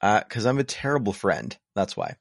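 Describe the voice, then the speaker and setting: A man's voice: fairly low pitch, huge pitch swings, moderate pace, vocal fry, dry recording, clean studio sound. A man co-hosting a podcast in casual chat, rambling and self-deprecating with sarcastic humor. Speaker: podcast co-host.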